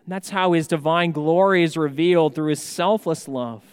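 A man preaching a sermon as pastor, slow and measured, with emphatic rises on key words. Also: on the high side, clear, resonant tone. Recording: long hall reverb.

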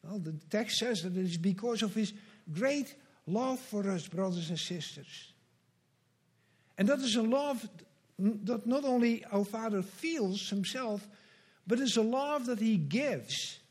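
A man with a high voice preaches a sermon in an earnest, measured way. He leans on slow, emphatic repetitions as he addresses the congregation. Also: animated, breathy edge. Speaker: pastor.

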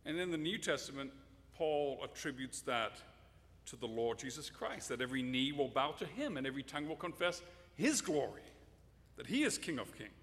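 A man's voice: mid-range voice, big pitch swings, normal speed, fairly bright tone, big-room sound. A man preaching a sermon, emphatic and direct, sometimes addressing children in the audience.

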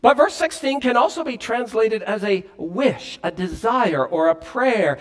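A man with a high voice preaches a sermon. He delivers it earnestly, climbing on emphatic points and dropping low on solemn ones. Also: lively intonation, measured pace, few pauses. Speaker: pastor.

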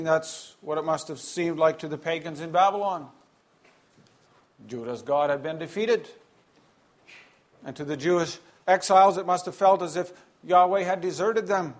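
Man preaching an earnest sermon. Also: fairly high pitch. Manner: earnest, emphatic preaching with pauses and some word repeats.

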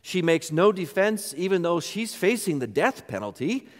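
A man's voice: high voice, very animated, moderate pace, in a large hall. A man pastor delivering a sermon, emphatic and full of rhetorical questions.

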